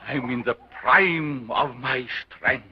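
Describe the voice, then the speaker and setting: A man's voice: medium pitch, slow, lightly acted. An actor playing a commanding showman doctor with an unusual foreign accent, declaiming to a crowd in 1930s film style. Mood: solemn. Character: sinister male showman doctor, grandiose and commanding. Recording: dull old film soundtrack with hiss.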